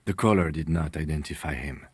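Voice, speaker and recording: A man playing a calm, formal police lieutenant who speaks in a precise, measured way. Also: extremely low pitch, breathy edge, dry recording.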